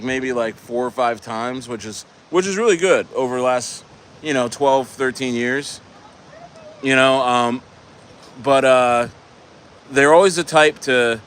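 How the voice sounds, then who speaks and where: A man's voice: medium pitch, fairly bright tone. Male stream host from New Jersey, loose and rambling, restarts his sentences a lot. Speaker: livestream host. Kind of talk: casual chat.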